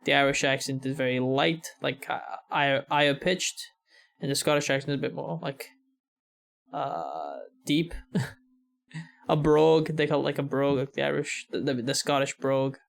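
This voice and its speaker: A man's voice: mid-range voice, level tone, moderate pace, creaky. An American man hosting a reaction video, talking casually and rambling with many fillers. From United States.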